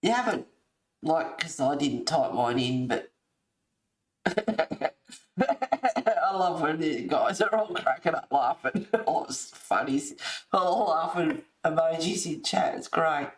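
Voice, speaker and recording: A woman chatting with her viewers on a colouring livestream, answering the chat in a relaxed, unhurried way. Her voice sits in a middle range and carries a roomy echo from the space around her. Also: sits low, distant mic. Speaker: livestream host of a colouring club. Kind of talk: casual chat with a live chat.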